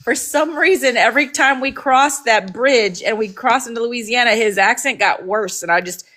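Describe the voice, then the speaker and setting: A middle-aged woman in a casual group chat, telling humorous stories. Her voice sits a little high. She talks loosely and easily. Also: moderate pace, pushed and bright. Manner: humorous storytelling. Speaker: chat participant.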